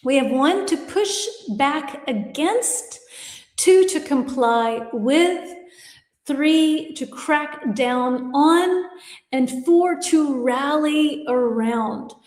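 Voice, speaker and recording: A woman's voice: high-pitched, extremely slow, a little mellow, reverberant, long reverb tail. A woman teaching a live-streamed English lesson, chatty and upbeat, reading out viewers' comments and laughing at her own slips. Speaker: English teacher and livestream host. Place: home studio, lives in Germany.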